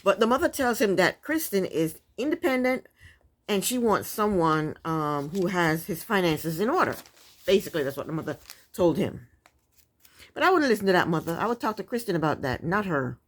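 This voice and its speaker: Sassy, animated woman recapping TV. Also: lowish voice, normal speed. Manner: blunt, sassy, chatty with frequent asides. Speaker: TV recap vlogger. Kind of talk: casual opinionated recap.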